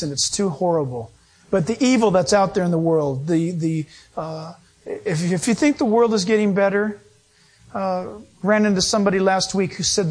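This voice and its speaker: Male pastor, middle-aged, animated sermon delivery, raised husky voice. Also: sits high. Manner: animated, acts out quoted voices, emphatic preaching.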